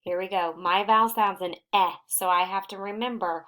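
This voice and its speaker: A woman reading teacher giving a recorded phonics lesson to young children, sounding out words slowly and patiently. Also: medium pitch, fairly even intonation, pushed and bright.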